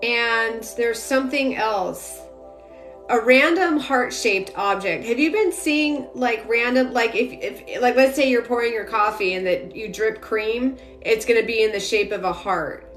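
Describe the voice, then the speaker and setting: A woman's voice: fairly high pitch, unhurried, a bit bright. A young adult woman giving a psychic reading on a live stream, rambling with lots of filler words. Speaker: psychic medium. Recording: roomy echo, faint music behind.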